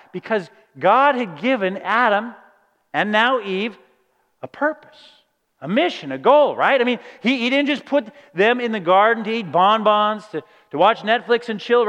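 Guy preaching, keeps saying right?, playful, echoey church hall. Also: high voice. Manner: animated, acts out quoted voices, asks "right?" often. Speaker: pastor. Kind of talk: sermon. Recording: reverberant hall.

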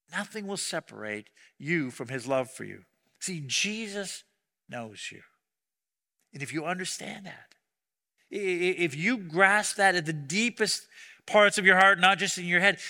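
A man preaching a sermon, earnest, swinging between loud emphatic phrases and hushed, soft ones. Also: sits high. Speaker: pastor. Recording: long reverb of a large hall.

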